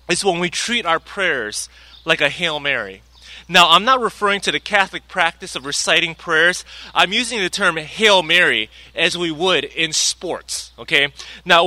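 Bright, high-voiced pastor preaching. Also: male voice, dry recording. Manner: conversational, animated, acts out anecdotes. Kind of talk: sermon.

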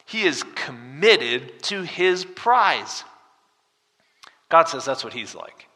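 A male preacher delivering an expository sermon in a church hall. His voice is bright and forceful, and it carries a long, reverberant tail. He moves from loud emphasis to quiet intensity and keeps asking the listeners questions. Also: on the high side, sing-song, slow pace. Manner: dramatic, swings from loud emphasis to hushed.

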